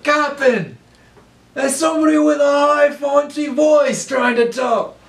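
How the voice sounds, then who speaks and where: A man doing a bellowing male wall guard, sharp and high, yelling down from the battlements in a tabletop game. the voice is way up above the man's normal one and echoes in a roomy space off the mic. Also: steady tone, a little slow, creaky, heavily acted. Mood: alarmed. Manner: shouting, high-pitched. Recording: echoey room, far from mic.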